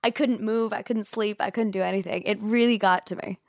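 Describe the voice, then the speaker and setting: A woman's voice: mid-range voice, fairly even intonation, brisk, no echo. Woman actor guest, thoughtful, explains stuff at length, dry close mic. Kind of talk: casual chat.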